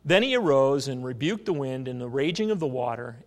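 Lively, animated male preacher. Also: mid-range voice, moderate pace, few pauses. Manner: animated storytelling preacher, asks the congregation questions. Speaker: pastor. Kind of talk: sermon.

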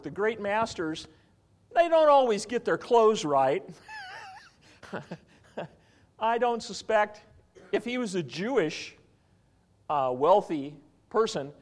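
A man preaching a sermon in an animated teaching style, often asking his listeners questions. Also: sits high. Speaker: pastor.

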